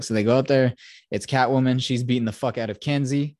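A man's voice: medium pitch, steady tone, a little fast, darkish tone, dry recording, studio quality. A man hosting a podcast, recapping a film in a casual, profane, rambling way and quoting the characters. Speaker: podcast host.

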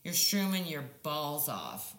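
A woman in her forties co-hosting a casual podcast, telling stories in an animated way and swearing freely. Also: low voice, slow. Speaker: podcast co-host. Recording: roomy echo with faint music.

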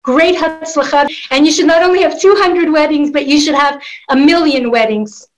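A woman's voice: high voice, normal speed, poor audio. A woman journalist interviewing a guest, heartfelt and full of blessings, using Hebrew phrases. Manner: warm, blessing-giving, uses Hebrew phrases. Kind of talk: interview questions.

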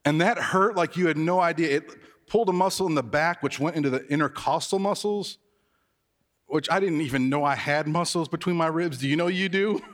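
A man's voice: fairly high pitch, a little fast, in a large hall. A man preaching as a pastor, telling stories in a conversational, self-mocking way. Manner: conversational, self-deprecating storytelling. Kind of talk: sermon.

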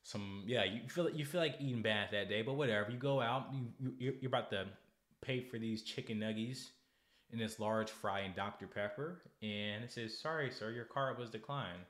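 A young American man hosting political commentary, ranting in a sarcastic, heated way with loud bursts and halting restarts. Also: lowish voice, echoey room. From United States. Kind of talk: casual commentary, ranting to camera.

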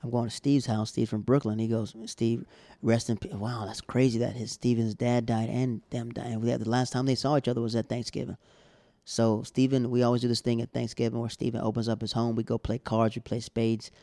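A man's voice: medium pitch, level tone, fairly quick, dark tone, no echo, clean studio sound. A man in his thirties, a stand-up comedian, telling a heartfelt story in a rambling way and repeating himself. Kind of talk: casual storytelling.

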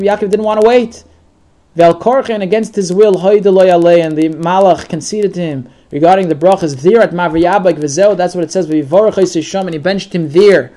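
Man, high-pitched voice, Torah lesson, verse-by-verse translation, Yiddish-sprinkled English. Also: a little mellow. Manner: reads Hebrew verses then translates, with restarts and Yiddish words. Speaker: Torah teacher.

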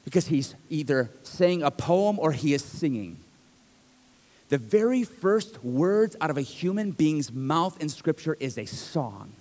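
Middle-aged guy pastor, high-ish voice, chatty sermon w/ emphatic bits, big echoey church sound. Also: sing-song, unhurried, a little mellow. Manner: conversational preaching with jokes, rising to emphatic bursts. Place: church sanctuary.

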